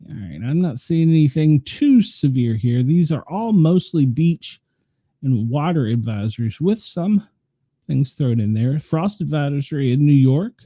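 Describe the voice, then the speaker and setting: A man's voice: fairly high pitch, animated, measured pace, mellow, dry recording, clean studio sound. A man with a Tennessee accent hosting his show, rambling through live weather radar in casual chat and poking fun at himself. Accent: Tennessee Southern. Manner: rambling, self-mocking, thinks aloud while clicking around. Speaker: show host.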